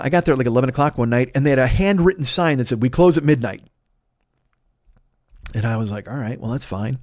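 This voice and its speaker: A man's voice: medium pitch, no echo, studio quality. A man hosting a podcast, telling a story as a profane rant and swearing constantly. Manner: animated, swears constantly, builds to shouting. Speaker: podcast host.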